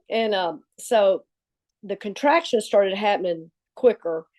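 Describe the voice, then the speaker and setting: A woman with a drawl tells an old story in a lively way. She jumps into other people's voices as she quotes them, and her own pitch sits in the middle. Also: moderate pace. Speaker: former assistant coach. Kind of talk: storytelling anecdote.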